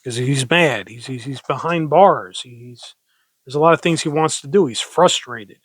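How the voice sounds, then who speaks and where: A man casually reading public domain poetry, reciting slowly and dramatically and rambling between poems. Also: medium pitch, a bit bright, breathy edge, dry recording. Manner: rambling, self-directing, chatty between poems; slow, dramatic recitation with mock pirate growls. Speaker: poetry reader.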